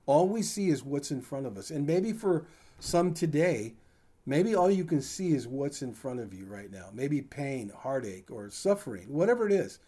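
A man's voice: mid-range voice, big pitch swings, moderate pace, dark tone. An older man preaching a sermon in a conversational, folksy way, with asides to his congregation. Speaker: pastor.

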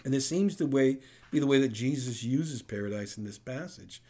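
A man preaching a sermon as pastor, in a conversational way, often checking in with the congregation with a quick "right?". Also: mid-range voice, lively intonation, mellow.

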